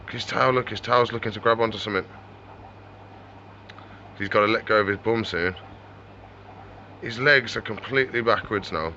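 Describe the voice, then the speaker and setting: Man, chatty, talks to his animals, bright voice, faint background hum. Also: fairly low pitch, moderate pace, long pauses, highs cut off. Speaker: reptile shop owner. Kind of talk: casual vlog chat.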